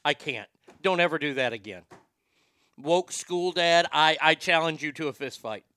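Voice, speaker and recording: A man hosting a show, ranting in a profane, comedic way and swinging from shouting to muttering. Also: a little high, animated, brisk, no echo, studio quality. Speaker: show host.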